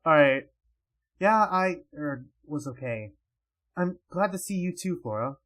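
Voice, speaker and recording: A man voicing a calm young male mage in a quiet, reassuring webcomic reading. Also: a little high, unhurried, voice pushed down.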